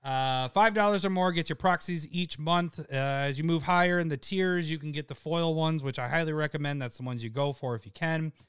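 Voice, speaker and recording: Smooth-voiced man on a live podcast. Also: fairly high pitch, brisk, few pauses, dry recording, clean studio sound. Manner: laughing, loose and rambling, reads out patron shout-outs. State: hiccups and eating hot peppers. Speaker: podcast co-host. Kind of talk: casual live podcast chat.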